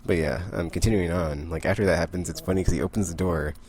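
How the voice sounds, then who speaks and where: A man's voice: low voice, steady tone, fast talker, a little mellow. A man casually recapping comic books, rambling and full of "like". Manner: rambling, heavy use of "like". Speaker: comic book vlogger.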